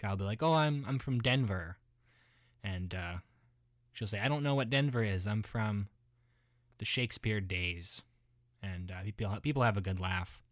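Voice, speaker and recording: A man playing a muddled everyday guy who rambles haltingly, full of restarts and filler words. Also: lowish voice, fairly bright tone, no room sound, clean studio sound, close to an everyday voice.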